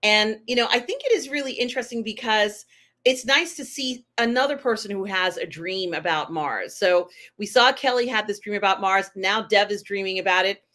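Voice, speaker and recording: A woman's voice: medium pitch, moderate pace, pushed and bright. A woman co-hosting a casual TV review chat, enthusiastic and chatty with lots of fillers. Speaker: podcast co-host.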